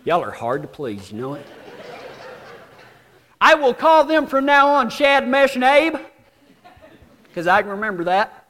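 A man preaching a storytelling sermon, folksy and self-deprecating, with dramatic pauses. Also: very high voice, big pitch swings, fairly bright tone. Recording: long hall reverb.

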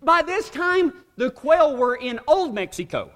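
A man's voice: very high-pitched, big pitch swings, unhurried, fairly bright tone. A man preaching a folksy, humorous sermon, telling a story with drawling asides and laughing along. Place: church hall. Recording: long hall reverb.

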